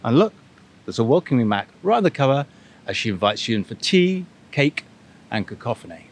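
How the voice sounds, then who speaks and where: A man's voice: medium pitch, fairly quick. A man reading a children's picture book aloud with enthusiastic commentary. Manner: lively, enthusiastic, expressive. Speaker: bookshop reader.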